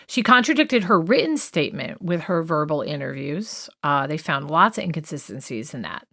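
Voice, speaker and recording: A woman's voice: sits low, big pitch swings, normal speed, gravelly, few pauses, sharp tone. A woman co-hosting a true crime podcast, talking through a list in a chatty, opinionated way with many fillers and asides. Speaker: podcast co-host.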